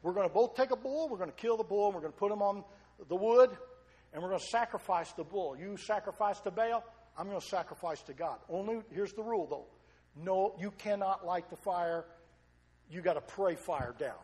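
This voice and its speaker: A man's voice: sits high, expressive, a little fast, darkish tone. A man preaching, voicing a confident, commanding male prophet in a retold story.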